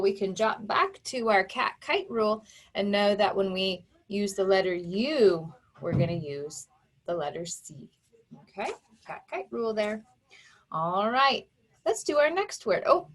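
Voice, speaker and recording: A woman teaching an online phonics lesson, speaking clearly and sounding out words one sound at a time for young children. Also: medium pitch.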